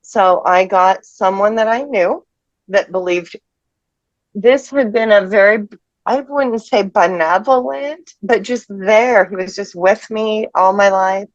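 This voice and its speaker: A tearful woman in her fifties telling a personal ghost story in a halting, emotional way. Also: mid-range voice, no room sound. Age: 50s. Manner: halting, emotional, restarts mid-sentence. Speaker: person sharing a ghost experience. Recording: dull lo-fi dry audio.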